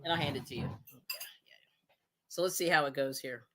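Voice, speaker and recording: A woman's voice: rumbling low, a little fast. A woman hosting a casual live cooking stream, chatting as she works, laughing often and restarting her sentences. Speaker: cooking show host.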